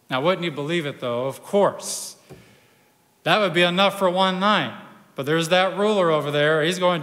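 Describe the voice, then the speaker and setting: A male pastor preaching a sermon, retelling a gospel story with dramatic pauses and hushed drops. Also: a little high. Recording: long hall reverb.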